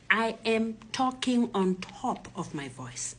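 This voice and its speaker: A woman in her sixties with a South African accent, a retired professor telling her own story in a hushed, often whispery voice. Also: fairly high pitch, sing-song, takes it slowly. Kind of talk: personal testimony.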